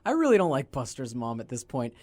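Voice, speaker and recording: A woman's voice: a bass voice, quick pace, no room sound. A woman co-hosting a podcast in casual chat, exclaiming and riffing incredulously. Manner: lively, exclaiming, incredulous riffs. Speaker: podcast co-host. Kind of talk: casual chat recapping a cartoon.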